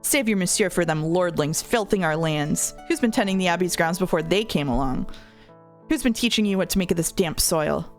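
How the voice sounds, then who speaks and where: A woman's voice: fairly low pitch, lively intonation, brisk, faint music behind. A woman streamer reading the lines of a blunt, scornful peasant gardener in a game. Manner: blunt, rustic speech.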